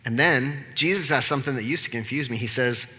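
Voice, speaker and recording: Male pastor, animated and wry, sharp tone, echoing sanctuary. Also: medium pitch, brisk, a little hiss or hum. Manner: animated, conversational storytelling with humor. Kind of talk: sermon. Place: church sanctuary.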